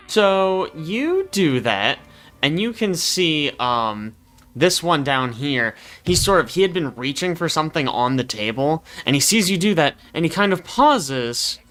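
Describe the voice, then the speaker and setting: Lively bright-voiced game master man. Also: a little high, unhurried, soft background music. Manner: bright, lively, often hesitant with fillers. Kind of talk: narrating a tabletop game.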